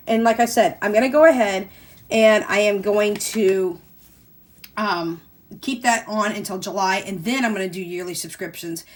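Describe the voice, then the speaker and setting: An older woman speaking in a mid-range voice, chatting to her viewers about her monthly budget. She talks in a loose, friendly way, keeps calling them "y'all", and gets excited as she retells things. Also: medium pitch. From Missouri. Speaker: budgeting vlogger. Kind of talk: casual chat to viewers.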